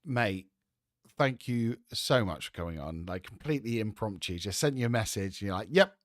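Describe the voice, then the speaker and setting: A man's voice: on the low side, lively intonation, normal speed, no echo. Man, host, casual chatty talk, friendly, lots of fillers, dry close sound. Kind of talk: casual chat.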